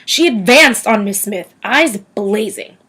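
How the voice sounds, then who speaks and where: Expressive woman reading a novel aloud. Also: mid-range voice, slow pace, breathy edge, rough recording. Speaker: audiobook reader.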